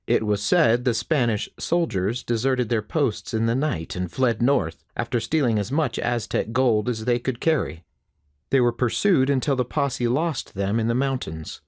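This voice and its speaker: A man reading a western novel aloud as an audiobook narrator, in a steady, unhurried storytelling manner. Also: medium pitch, no room sound, clean studio sound.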